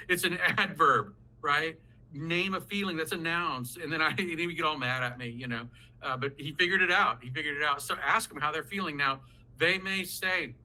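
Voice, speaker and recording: A man leading a parenting workshop, talking in an animated, folksy way and acting out what parents and kids say. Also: a little high, a little fast, low-quality recording. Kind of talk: lively workshop talk. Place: video call.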